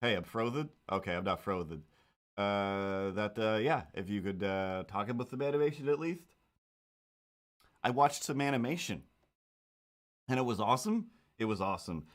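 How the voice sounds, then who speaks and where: A man's voice: on the low side, lively intonation, normal speed, long pauses. A man chatting casually on a livestream while drawing, rambling with self-mocking, playful asides. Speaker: streamer.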